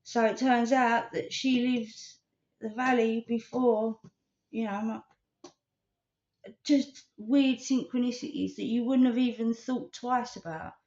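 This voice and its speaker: A woman's voice: on the high side, steady tone, takes it slowly, darkish tone. A woman, rambling earnestly in a casual vlog and telling stories with animation. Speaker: vlogger. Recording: slightly dull lo-fi recording.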